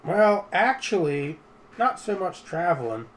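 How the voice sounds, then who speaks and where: A man voicing a smooth, secretive male adventurer on a mission in a tabletop game. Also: big pitch swings, a little slow, poor audio. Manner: smooth, low-key and secretive.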